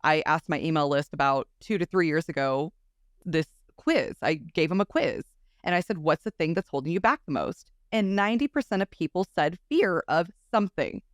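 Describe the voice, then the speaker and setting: A woman hosting a podcast interview, effusive and enthusiastic, quick to agree with her guest. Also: low-pitched, animated, no echo, clean studio sound. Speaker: podcast host.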